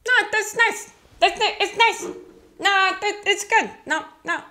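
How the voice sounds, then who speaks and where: A woman doing a gentle, high-voiced polite man. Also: takes it slowly, full character voice. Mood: reassuring. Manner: soothing, repetitive reassurance. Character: polite, gentle adult man eager to please.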